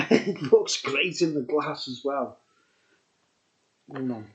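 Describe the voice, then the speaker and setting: A man's voice: mid-range voice, expressive, slow pace. A man casually reviewing a beer on his vlog, chatty and enthusiastic, rambling with laughs. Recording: dull lo-fi recording.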